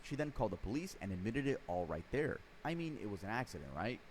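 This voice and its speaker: A man giving scripted true crime narration, lively storytelling with dry sarcastic asides. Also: fairly low pitch, fast talker, a little hiss or hum.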